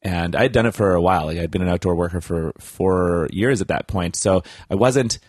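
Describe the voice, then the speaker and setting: A man's voice: low-pitched, moderate pace, a little mellow, dry recording, studio quality. A young man telling a long casual story, rambling with restarts and acting out the people he quotes.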